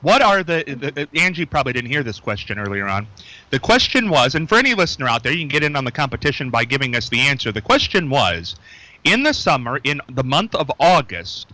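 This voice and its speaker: A man's voice: medium pitch, sing-song, sharp tone, rough recording. A man hosting a casual local radio show from a small studio, joking loosely with his co-host and callers. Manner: loose, chatty, joking, reads phone numbers slowly.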